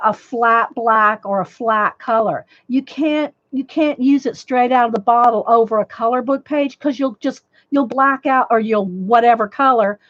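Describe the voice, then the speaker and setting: A woman's voice: fairly high pitch, fairly bright tone, no echo. A woman chatting casually on a live stream as she teaches colored-pencil drawing, rambling with many restarts and talking to viewers by name; her voice crackles a little. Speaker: livestream art host. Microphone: desk microphone. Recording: dull dry lo-fi mic audio.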